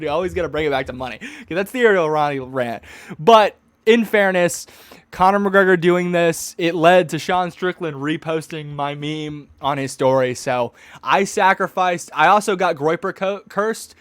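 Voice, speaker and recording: A young man in his twenties casually recapping a fight event for a stream, excitable and mocking, stumbling over restarts as he talks. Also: on the high side, moderate pace, no echo. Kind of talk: casual rambling commentary.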